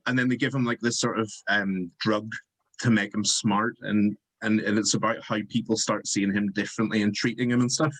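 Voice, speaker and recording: A man with a fairly low voice talks as a guest author on a book chat. He hesitates often, filling gaps with ums and likes. The recording is dry and close. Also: fairly even intonation, brisk, a bit bright, no echo, low-quality recording. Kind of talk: casual chat.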